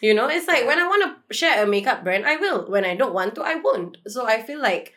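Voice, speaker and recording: A woman's voice: fairly high pitch, animated, a little fast, fairly bright tone. A young adult woman talking candidly as an influencer guest in a casual podcast chat, often laughing and acting out quoted people.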